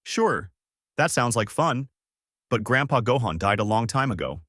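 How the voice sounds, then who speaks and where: A man's voice: medium pitch, animated, moderate pace, fairly bright tone, dry recording, clean studio sound. A man voicing a cheerful, trusting young male fighter, upbeat and eager.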